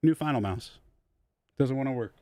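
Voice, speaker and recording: A man's voice: mid-range voice, normal speed, a little mellow, no room sound. A young man streaming live from his home studio as a music producer, chatting casually in a rambling, profane, self-deprecating way.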